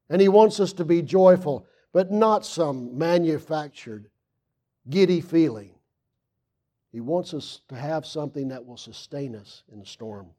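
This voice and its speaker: A preacher with a slightly high voice reads scripture aloud and poses questions to the congregation during a sermon. He swings between loud emphasis and hushed asides.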